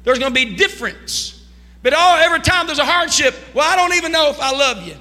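A man with a very high, piercing bright voice preaches a sermon to his congregation. His delivery swings from hushed asides into loud, drawn-out shouts that nearly turn to song. The sound carries a long reverb from the church hall. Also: lively intonation. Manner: preaching with rising shouts and sung, drawn-out lines. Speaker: pastor. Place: church sanctuary.

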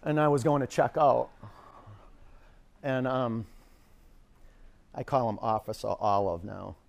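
A man's voice: mid-range voice, slow pace, creaky. A man teaching a power yoga class in a studio, calling out counts and cues and telling rambling stories between poses.

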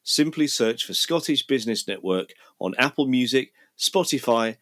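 Measured male podcast host. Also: medium pitch, expressive, fairly bright tone. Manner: friendly, measured, with some ums and restarts. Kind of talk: podcast interview.

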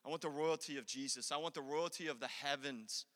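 A young man preaching a sermon in a church, swinging from loud passionate peaks to quiet conversational asides. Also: on the high side, a little fast, long reverb tail.

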